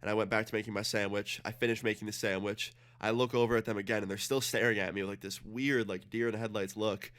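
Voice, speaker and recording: Young male streamer, low voice, rapid profane storytelling while gaming. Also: steady tone, a bit bright. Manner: fast, profane, acts out dialogue. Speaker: game streamer.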